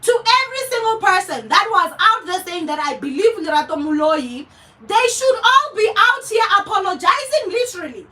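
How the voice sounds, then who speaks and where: South African woman, young vlogger, very high, sharp voice, furious profane rant, mic a bit distant. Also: expressive, moderate pace. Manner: heated, profane, repeats herself for emphasis. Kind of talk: angry commentary rant.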